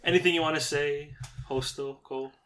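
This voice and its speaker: A man's voice: fairly high pitch, fairly even intonation, a little fast, a bit bright. A man hosting a casual tabletop-gaming podcast, joking, laughing often and slipping into silly voices. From Canada. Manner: jokey, laughs often, slips into goofy voices. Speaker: podcast host.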